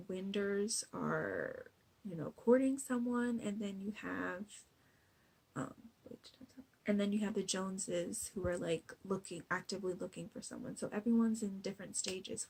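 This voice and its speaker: A young woman recapping a TV episode in casual chat, chatty and gushing, jumping into a high voice to act out quotes. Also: slightly rough, low-quality recording. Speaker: recap vlogger.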